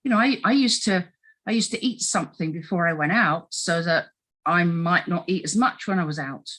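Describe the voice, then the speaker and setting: A middle-aged woman, talking casually as a health coach in an interview, animated and putting on little voices as she quotes. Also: fairly low pitch, moderate pace, poor audio.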